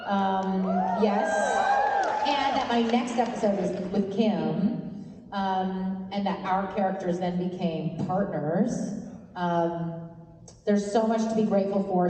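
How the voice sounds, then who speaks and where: A woman's voice: mid-range voice, fairly even intonation, measured pace, dark tone. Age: adult. Sex: woman. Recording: echoey hall, distant. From Canada. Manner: thoughtful, grateful, acts out quotes. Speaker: actor on a convention panel. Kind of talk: panel answer to a fan. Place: large convention hall. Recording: echoey convention hall, from far off.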